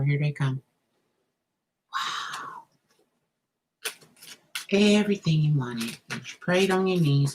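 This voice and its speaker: A woman's voice: deep voice, background noise. A woman giving a live tarot reading, talking straight to the viewer, thinking aloud and reacting with gasps and laughs. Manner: expressive, gasps and laughs as cards turn up. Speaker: tarot reader.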